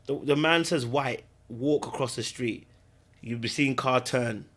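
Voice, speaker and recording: A British man chats on a casual livestream as a podcast host, rambling loosely with plenty of slang, restarts, and circling back over his own words. His medium-pitched voice is fairly bright and a little slow.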